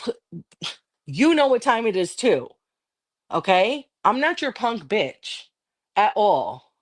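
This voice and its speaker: A woman's voice: fairly high pitch, sing-song, takes it slowly. Angry profane woman ranting on stream. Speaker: livestreamer. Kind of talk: heated livestream rant.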